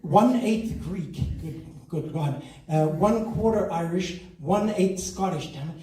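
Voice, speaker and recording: A man working a theatre crowd with a stand-up set, his voice a touch high for a man. He is loose and self-mocking and laughs at his own lines. The sound bounces around the hall and comes from some way off the mic. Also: takes it slowly, mellow. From South Africa. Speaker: stand-up comedian. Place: theatre stage before a live audience. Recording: echoey hall from far off.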